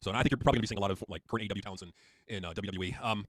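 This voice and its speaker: A man's voice: on the low side, very fast, dry recording, studio quality. A man co-hosting a casual wrestling news stream, rambling with lots of fillers and casual swearing. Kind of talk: casual chat and news talk.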